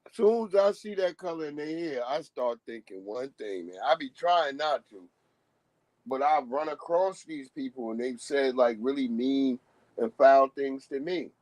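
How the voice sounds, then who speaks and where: A man's voice: medium pitch, lively intonation, normal speed, darkish tone, dry recording. A man hosting a live stream, rambling in casual street slang and laughing as he talks.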